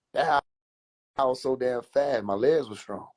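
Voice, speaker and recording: A man livestreaming from his phone, casually telling animated, profane childhood stories and laughing between lines. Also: mid-range voice. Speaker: comedian livestreamer. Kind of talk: casual comedic storytelling.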